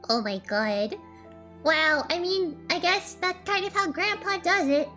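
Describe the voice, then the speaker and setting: A woman's voice: very high-pitched, animated, a little slow, bright, forceful tone, soft background music. A woman streaming a game, reading its narration aloud and chatting playfully with laughter.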